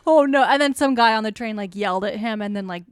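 Animated young woman telling a story. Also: mid-range voice, quick pace, clear, resonant tone, dry recording, clean studio sound. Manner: animated storyteller acting out the characters' lines. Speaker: podcast co-host. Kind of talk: casual chat recapping a film.

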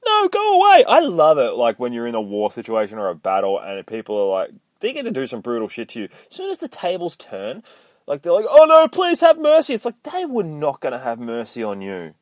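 A man's voice: medium pitch, no echo, studio quality. Profane joking podcast host, man. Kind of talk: casual comic book recap.

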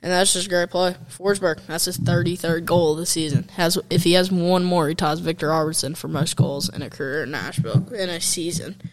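Excitable young man recapping hockey highlights. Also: a little fast, few pauses. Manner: excitable, chatty, fan-like, with slang and fillers. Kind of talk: casual recap commentary.

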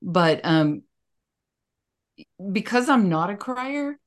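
A woman's voice: medium pitch, animated, slow pace. A middle-aged woman co-hosting a podcast, telling personal stories in a frank, plainspoken way. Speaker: podcast co-host. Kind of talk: casual podcast chat.

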